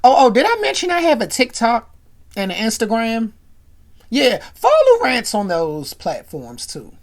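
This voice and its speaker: A woman's voice: fairly high pitch, a little slow. A woman hosting a casual, rambling recap with lots of asides. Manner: rambling, animated, full of asides. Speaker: podcast host. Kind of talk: casual episode recap commentary.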